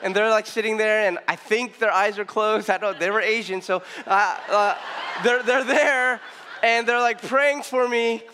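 A middle-aged man preaching a sermon, telling a personal story with emotional repetition and loud rising emphasis. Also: high voice, fairly even intonation, measured pace, slight background noise. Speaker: pastor.

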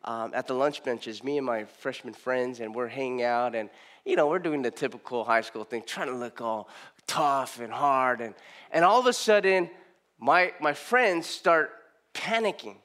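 A man preaching a storytelling sermon to a live congregation, animated and acting out what people said, often restarting his sentences. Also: mid-range voice, normal speed. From Southern California, US. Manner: animated, acts out quoted speech, frequent restarts.

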